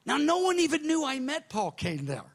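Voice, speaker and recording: A man's voice: very high voice, wildly swooping pitch, normal speed. A middle-aged male pastor telling a story in a sermon, acting out the voices of the people he quotes.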